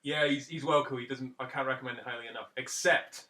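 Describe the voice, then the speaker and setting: Man, 30s, rambling podcast chat, bright tone, echoey room. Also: mid-range voice, fairly even intonation, fast talker. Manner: rambling anecdotes, chuckling. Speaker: podcast co-host. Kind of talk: casual chat. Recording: roomy echo.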